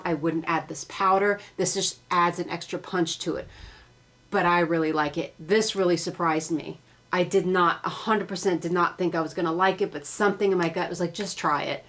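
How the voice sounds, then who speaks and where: Frank, chatty woman beauty vlogger. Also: lowish voice. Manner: candid, chatty, blunt and frank about value. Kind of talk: casual unboxing chat.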